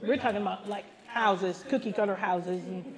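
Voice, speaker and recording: An older woman pastor telling a comic story at a women's gathering, animated and laughing, acting out the voices of the people in it. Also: mid-range voice, normal speed. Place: live gathering.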